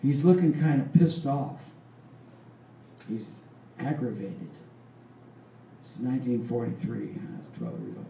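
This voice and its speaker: A man's voice: mid-range voice, very animated, measured pace, vocal fry, long pauses, mellow, a little hiss or hum. A man in his eighties telling a rambling folksy story on stage, chuckling as he goes. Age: 80s. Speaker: folk performer and storyteller. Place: live performance venue. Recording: roomy live hall, distant mic, faint ambience.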